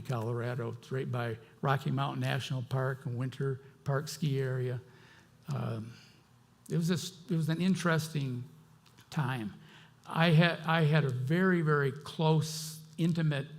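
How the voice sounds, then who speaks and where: Delivering a sermon, a middle-aged male pastor sounds conversational and impassioned, alternating loud outbursts with quiet asides. His voice is mid-range and gravelly, and he speaks at a measured pace.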